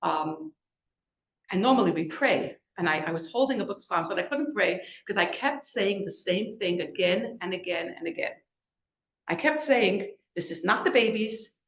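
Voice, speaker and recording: A woman's voice: mid-range voice, fairly bright tone, roomy sound. A middle-aged woman giving a talk, telling a personal story in an earnest, conversational way with lots of "like" and "you know". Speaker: guest speaker. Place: event hall with a live audience.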